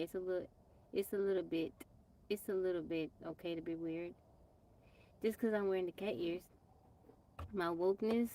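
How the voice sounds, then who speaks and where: A woman's voice: fairly low pitch, mellow, slight background noise. Chatty woman from Texas hosting a livestream. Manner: chatty, greets viewers by name; plain-spoken, brushes off trolls directly. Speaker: livestream host. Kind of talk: casual live-stream chat. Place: off-grid home.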